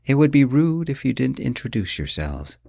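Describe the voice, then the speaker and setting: A man's voice: mid-range voice, very animated, normal speed, mellow, dry recording, studio quality, voice pushed up, exaggerated voice. A man voicing a polite, composed billionaire with an English accent in an audiobook. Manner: polite, smooth.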